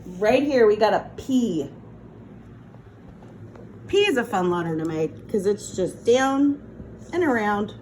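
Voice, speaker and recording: A woman teacher leading a phonics lesson on her phone, sounding out words slowly and patiently. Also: mid-range voice, lively intonation, darkish tone, a little hiss or hum, rough recording. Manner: slow, patient, encouraging sounding-out. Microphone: phone, set down and picked up.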